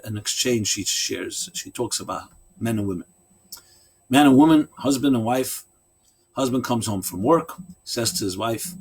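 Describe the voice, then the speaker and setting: A man giving a lecture, telling a story in an animated, expressive way. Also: slightly rough. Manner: animated, expressive storytelling with big pitch swings. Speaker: speaker.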